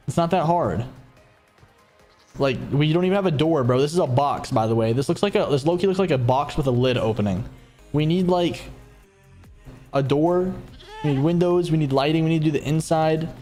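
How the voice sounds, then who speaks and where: A young male streamer with a slightly high-pitched voice, chatting casually over a game. He talks bluntly with plenty of slang and gets audibly fed up. Soft music plays faintly underneath. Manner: blunt, slangy, exasperated, says bro a lot. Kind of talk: casual livestream gaming chat.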